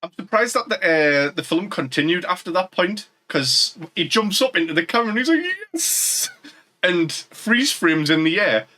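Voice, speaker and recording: A man's voice: high voice, lively intonation, pushed and bright, a little hiss or hum. A man with a northern English accent, co-hosting a podcast in a jokey casual chat and asking the others questions. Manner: asks the questions, jokey and quick to laugh. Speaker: podcast co-host.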